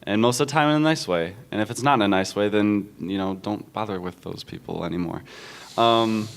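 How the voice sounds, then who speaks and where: Smooth-voiced young man on a panel. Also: lowish voice, brisk. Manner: relaxed, chatty, many fillers. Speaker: convention panelist. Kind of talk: casual panel Q&A advice.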